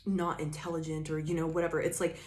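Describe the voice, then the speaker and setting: Woman tarot reader, lowish voice, casual, cussing, lots of filler words, echoey room. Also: level tone, fast, darkish tone. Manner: swearing freely, laughing, filler-heavy rambling. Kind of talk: casual channeled tarot reading.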